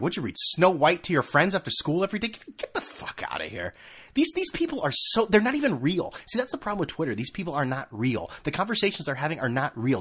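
Husky, heated male podcast ranter. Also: a little high, fairly bright tone. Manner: profane, sarcastic, heated, full of restarts. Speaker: podcast host. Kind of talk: solo podcast rant. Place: room at home.

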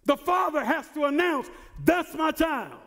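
A male pastor preaching a sermon who repeats and restarts words and builds to shouted emphasis. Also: very high voice, lively intonation, unhurried, big-room sound. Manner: repeats words and stumbles on starts.

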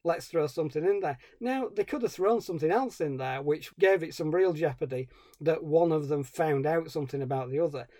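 A man's voice: a little high, brisk, mellow, no echo, clean studio sound. A man co-hosting a film podcast, ranting about a movie in a wry, sarcastic way. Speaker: podcast co-host. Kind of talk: casual film review chat.

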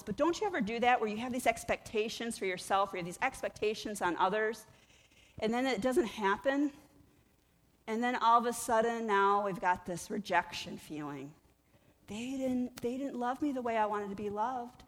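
A woman's voice: medium pitch, moderate pace, a bit bright. Woman pastor preaching in a reverberant hall. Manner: conversational and emphatic, rising and falling in intensity. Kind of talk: sermon.

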